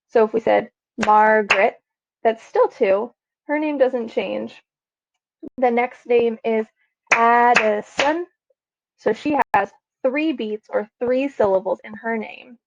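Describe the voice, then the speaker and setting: A woman teacher giving a class lesson on video, speaking slowly and patiently and sounding out words beat by beat. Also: on the high side, creaky, highs cut off, background noise.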